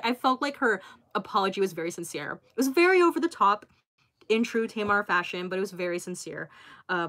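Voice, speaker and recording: A young woman in her twenties hosts a casual livestream, talking freely and reading out comments from viewers. She is chatty and expressive, with plenty of filler words between thoughts. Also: mid-range voice. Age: 20s. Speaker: YouTuber hosting a livestream.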